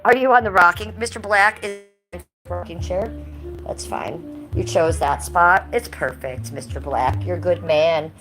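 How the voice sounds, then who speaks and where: A woman's voice: on the low side, a little slow, a bit bright, soft background music, rough recording. An American woman hosting a casual livestream while walking through her house, chatting with viewers and cooing at her pets. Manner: chatty, talks baby talk to her pets. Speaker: livestream host. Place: house, indoors and on the porch.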